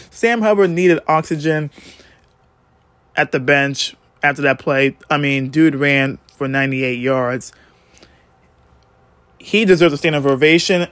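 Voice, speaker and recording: High-pitched guy ranting about a football game, swears a lot, super excitable. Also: a little hiss or hum. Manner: excitable, swears freely, big swings in pitch. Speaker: sports fan vlogger. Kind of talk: casual game recap.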